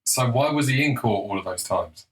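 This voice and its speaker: A man's voice: medium pitch, animated, normal speed, low-quality recording. A young man giving a blunt, combative, sarcastic opinion monologue, swearing freely. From England. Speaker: political commentator.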